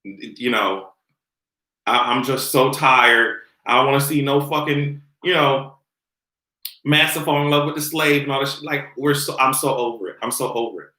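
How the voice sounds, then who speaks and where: A man hosting a casual livestream, ranting about pop culture in an animated, exasperated way and laughing often. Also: mid-range voice, moderate pace, reverberant, low-quality recording. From Jamaican heritage. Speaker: livestream host. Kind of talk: casual commentary rant.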